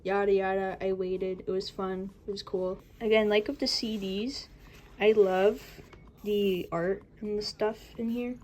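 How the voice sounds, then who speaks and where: Excitable young woman rambling on camera. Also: medium pitch, measured pace, low-quality recording. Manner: rambling, laughing, excitable storytelling. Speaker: vlogger. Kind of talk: casual collection vlog.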